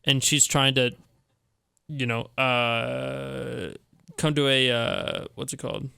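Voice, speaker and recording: Man, film review co-host, casual chat, smooth clear voice, hesitant phrasing, dry sound. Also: mid-range voice, takes it slowly, pushed and bright, no room sound. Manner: hesitant, searching for words with fillers.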